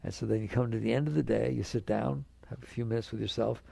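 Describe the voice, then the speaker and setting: A man's voice: mid-range voice, fairly even intonation, fast talker, gravelly, dark tone, no room sound. A man giving a spiritual talk to an audience, speaking conversationally, addressing listeners directly with rhetorical questions and soothing them into relaxing. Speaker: spiritual teacher.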